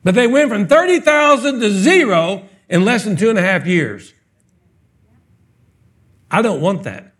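A man preaching a sermon to his congregation in a church, animated and joking, firing off rhetorical questions. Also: sits high, measured pace, pauses often, husky. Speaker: pastor. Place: church sanctuary, live service.

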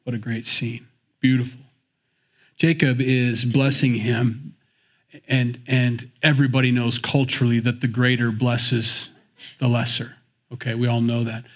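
A man's voice: medium pitch, slightly rough. A man teaching the Bible in a conversational, joking way, acting out the scenes as he goes. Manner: animated, joking storyteller who acts out the scenes.

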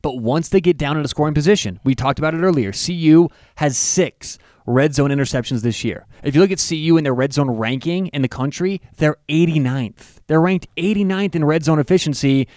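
A man with a smooth, resonant voice sits slightly high in his range as he co-hosts a football preview. He talks through players and stats in a loose, enthusiastic way. The sound is close and dry. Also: fairly quick, hardly any pauses, darkish tone, no echo. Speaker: sports show co-host. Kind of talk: casual sports analysis chat.

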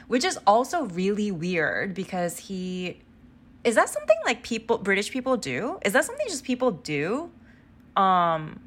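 A woman's voice: fairly low pitch, fairly bright tone. A woman hosting a podcast, casually recapping a book as she keeps rambling off topic, full of "like" and casual swearing. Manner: rambling, sidetracked, heavy "like" filler. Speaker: podcast host.

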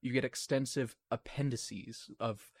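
A man's voice: mid-range voice, steady tone, a little slow. A man co-hosting a casual podcast chat, talking in a dry, sarcastic way. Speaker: podcast co-host.

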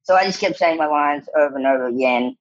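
A man with a high, light voice tells stories in a relaxed interview. His delivery is animated, and he laughs often and acts out what others said in lively bursts. The recording sounds slightly dull and lo-fi. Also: fast talker. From New Zealand. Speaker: actor guest. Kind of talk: casual storytelling interview.

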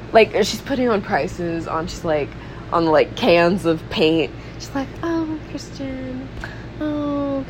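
A woman's voice: mid-range voice, a little hiss or hum, low-quality recording. A young woman co-hosting a podcast, casually recapping a film in a chatty style, full of fillers, frequent laughs and swearing. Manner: chatty, peppered with "like", laughs often; swears freely. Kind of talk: casual chat.

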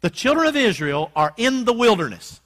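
A pastor delivers a sermon in a high, bright voice with a sharp edge. He reads scripture aloud and has the church repeat key phrases after him. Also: very animated, fairly quick. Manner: preacherly, reads scripture, calls congregation to repeat. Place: church sanctuary.

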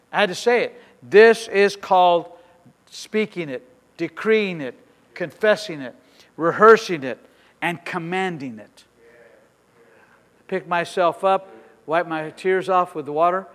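An older man preaching a sermon as pastor, telling a story with acted-out dialogue, repeating phrases and building to shouts. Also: fairly high pitch, unhurried, long pauses, in a large hall.

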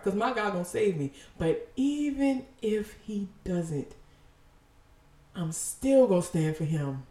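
A woman preaching a casual, passionate sermon, animated and emphatic, full of slang and repeated phrases. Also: mid-range voice, echoey room, distant mic.

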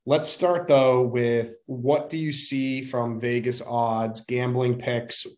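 A man's voice: mid-range voice, steady tone, takes it slowly, darkish tone. An upbeat man co-hosts a casual sports podcast. He chats easily as he runs a quiz segment. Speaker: podcast co-host.

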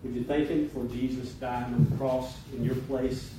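A man, a pastor, preaching a sermon and leading a prayer, emphatic when preaching and quieter and slower in prayer. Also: medium pitch, flat delivery. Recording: echoey hall, distant mic, noisy.

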